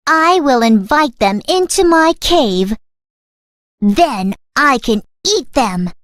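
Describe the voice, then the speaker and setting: A woman's voice: high-pitched, lively intonation, slow pace, no echo, studio quality, voice pushed up. A woman voicing a sly, hungry fox in a children's story, sounding coaxing and drawn out. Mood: scheming. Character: sly hungry fox plotting to eat birds.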